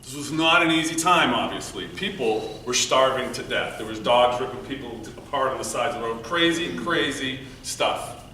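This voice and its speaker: A man giving a prepared storytelling speech at a speech contest, earnest, moving between loud emphasis and quiet, hushed passages. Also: mid-range voice, a little fast, hardly any pauses. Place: meeting room before an audience. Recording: echoey room, mic from far off, faint noise.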